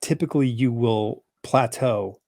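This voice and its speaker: A man's voice: mid-range voice, a little slow, warm tone, no echo, clean studio sound. A man hosting a casual podcast chat, telling stories with bursts of emphasis and frequent restarts. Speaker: podcast host.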